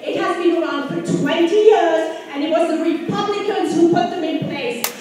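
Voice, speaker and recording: A very high woman's voice makes a firm, corrective statement and repeats her points for emphasis. She is heard from a distance in a strongly echoing hall. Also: normal speed, darkish tone. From Hines, Oregon. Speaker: local resident speaking at a community meeting. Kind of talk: public comment. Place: large community meeting hall. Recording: echoey hall recorded from far off.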